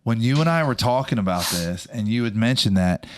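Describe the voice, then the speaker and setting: A man co-hosting a podcast, chatting about a movie in a relaxed, rambling way full of restarts. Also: lowish voice, a little fast, crowd noise. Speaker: podcast co-host. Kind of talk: casual movie chat.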